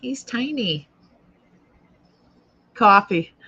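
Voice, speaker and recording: Chatty and thinking aloud as she examines each piece, a woman with an old Boston accent hosts a live-stream jewelry sale. Her medium-pitched voice is expressive, very slow, pushed and bright with a breathy edge. The recording's highs are cut off.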